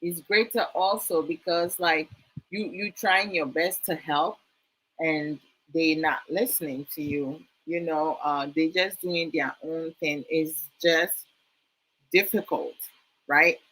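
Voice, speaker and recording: A woman's voice: low-pitched, fairly even intonation, fairly bright tone, breathy edge, rough recording. A woman hosting a live stream, talking earnestly with many fillers and stopping to thank viewers for their comments. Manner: frequent fillers, slow and earnest. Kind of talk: casual live stream talk.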